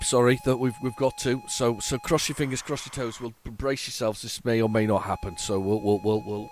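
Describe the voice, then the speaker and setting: Testing old tapes for his retro computing video, a man with a mid-range voice talks to viewers in a loose, rambling, casual way. There's slight background noise.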